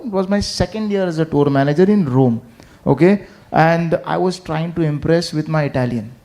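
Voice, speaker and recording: A man with a high voice tells a story at an unhurried pace, and he laughs through much of it. As a tour manager, he acts out the dialogue of the people in his anecdote with lively energy. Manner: laughing, animated anecdote-telling with acted-out dialogue. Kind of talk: storytelling at a farewell event. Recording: online webinar audio.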